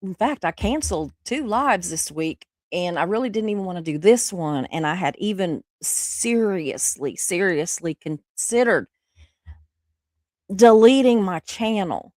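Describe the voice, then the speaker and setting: A woman's voice: lowish voice, animated, unhurried, darkish tone, no room sound, studio quality. A middle-aged woman, sick with the flu, hosting a casual livestream chat, rambling and laughing often as she reads viewer comments. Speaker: livestream host.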